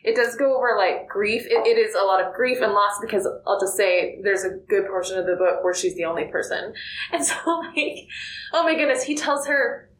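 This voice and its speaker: A woman's voice: medium pitch, animated, moderate pace, a bit bright. Woman gushing about a book, says like a lot, roomy echoey sound. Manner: gushing, filler-heavy, lots of "like". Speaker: book reviewer. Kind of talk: casual book chat. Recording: roomy echo.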